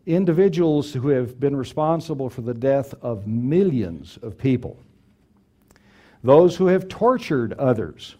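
Middle-aged male preacher, mellow voice, emphatic delivery. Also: medium pitch, sing-song, measured pace. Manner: earnest, emphatic, repeats key phrases. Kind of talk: sermon.

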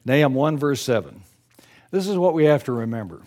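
A man's voice: medium pitch, animated, fairly quick, a little mellow. An older man delivers a sermon in an earnest, folksy way. He reads a story aloud and breaks off into plain personal asides, with the odd stumble and self-correction along the way. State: choked up with emotion. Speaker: preacher.

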